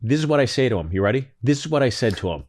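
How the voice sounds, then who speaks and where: A man's voice: mid-range voice, racing, no echo, studio quality. A middle-aged man telling a comedic story as a guest, acting out the dialogue with energy. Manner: animated, acts out dialogue.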